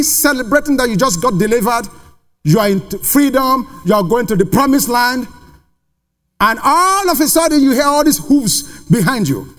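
A man preaching a sermon to a congregation in a church, emphatic and full of rhetorical questions. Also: very high-pitched. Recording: long reverb of a large hall.

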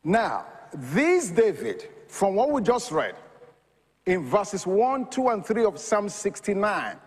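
A high-voiced male preacher who delivers his sermon slowly and deliberately, his pitch leaping up and down as he goes. He moves from hushed scripture reading to bursts of shouting. A long hall reverb trails after each phrase. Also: slightly rough. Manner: lively preaching that swings from quiet reading to loud shouting.

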